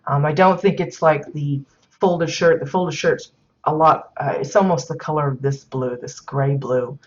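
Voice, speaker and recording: Low-voiced woman hosting a stream. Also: fairly even intonation, moderate pace, lo-fi sound. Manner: hesitant, thinking aloud with many fillers. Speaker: stream host showing player-built game housing. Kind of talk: live-streamed commentary.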